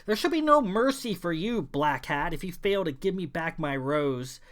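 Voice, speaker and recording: A man's voice: on the high side, animated, moderate pace, pitched above the performer's own voice, natural voice. A man reading a science fiction audiobook, voicing an adult nobleman who demands and roars his words. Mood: threatening. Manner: demanding, raised voice. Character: angry nobleman lord, adult man, commanding. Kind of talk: audiobook character voice.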